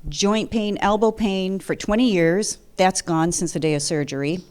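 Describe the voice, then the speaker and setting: A woman's voice: on the low side, fairly even intonation, normal speed, a little mellow, smooth. A woman in her fifties from the Detroit area, telling her personal story at a seminar in a chatty, humorous way. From Detroit area, USA. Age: 50s.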